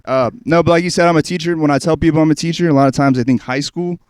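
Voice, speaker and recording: Smooth-voiced self-deprecating man. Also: a little high, steady tone, rapid-fire, no room sound. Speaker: schoolteacher and comedian. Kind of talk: stand-up set on a podcast. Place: podcast studio.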